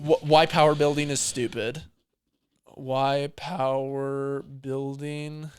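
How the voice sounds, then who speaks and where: A young man hosting a casual podcast, ranting in an excitable way and repeating himself as he talks. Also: mid-range voice, slow, clear, resonant tone, dry recording, clean studio sound. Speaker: podcast host.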